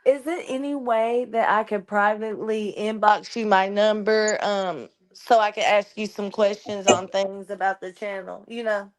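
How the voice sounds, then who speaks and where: A woman's voice: medium pitch, fairly even intonation, normal speed, hardly any pauses. A woman guest on a casual livestream, reassuring and affectionate toward the host.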